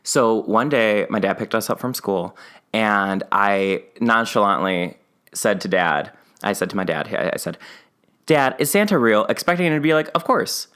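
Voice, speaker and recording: A man's voice: moderate pace, smooth. A young man co-hosting a podcast, telling a personal story in casual chat and acting out his family's lines. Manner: animated storyteller who acts out family members' lines in a high, wavering voice. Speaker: podcast co-host.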